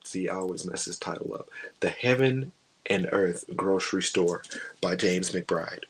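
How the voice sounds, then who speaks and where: A man's voice: low voice, a little slow, husky, rough recording. A man chatting casually through a book review, rambling and stopping to hunt for names.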